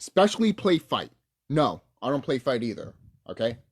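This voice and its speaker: A man with a mid-range, slightly breathy voice rants angrily on his own YouTube channel, his pitch swinging widely at a moderate pace. He curses freely while talking into his camera's mic at home in a casual vlog.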